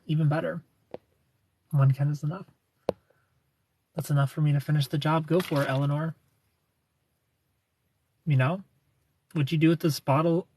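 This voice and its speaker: A man's voice: fairly high pitch, slight background noise. A man hosting a casual livestream, greeting viewers and answering their comments in a playful, teasing, flirty way.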